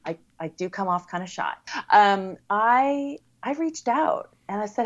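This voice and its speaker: A woman's voice: a little high, expressive, a little slow, dull audio. An American woman chatting as a podcast guest, upbeat and talkative with lots of fillers. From United States. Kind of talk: casual interview chat.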